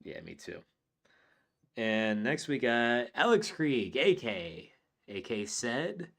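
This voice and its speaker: A man's voice: mid-range voice, big pitch swings, slow, vocal fry, fairly bright tone. A man co-hosting a comedy podcast, reading out listener jokes from the chat with laughs in casual talk.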